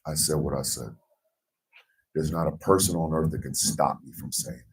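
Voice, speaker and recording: A man's voice: very deep voice, moderate pace, recorded from a distance, low-quality recording. An American man hosting a radio morning show, speaking in an emphatic, blunt and profane monologue. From United States.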